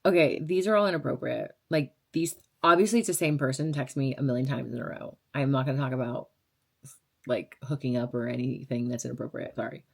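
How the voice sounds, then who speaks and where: A woman's voice: rumbling low, fairly quick, creaky, a little mellow, slightly rough. Young woman vlogger, twenties, blunt and sarcastic, casual chatty Q&A delivery. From Las Vegas. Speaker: radio DJ and vlogger. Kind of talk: casual chat answering viewer questions.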